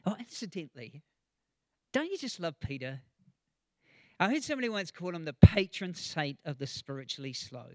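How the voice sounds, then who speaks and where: A male preacher gives a conversational sermon, slipping into chatty asides with chuckles and plenty of ums. His voice sits a little high for a man. The sound is dry and close. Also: sing-song, normal speed, pauses often, a little mellow, dry recording.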